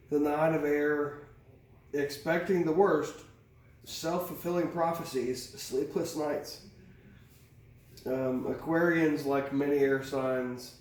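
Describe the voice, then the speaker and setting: A man gives a casual, rambling tarot reading, candid and swearing freely, in a mid-range voice with a darkish tone. The mic is distant in a very echoey room, and there's faint hiss.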